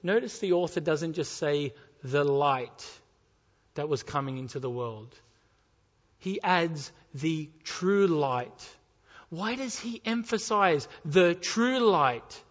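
High-voiced man preaching in a hall. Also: animated, slow pace, a bit bright, highs cut off. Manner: expository preaching, rhetorical questions, reading scripture aloud. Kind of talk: sermon.

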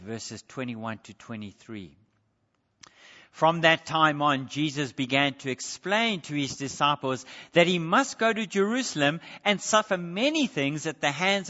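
Male preacher with a high-pitched voice, earnest and emphatic, in a long-reverb hall on a dull recording. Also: sharp tone. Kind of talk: sermon.

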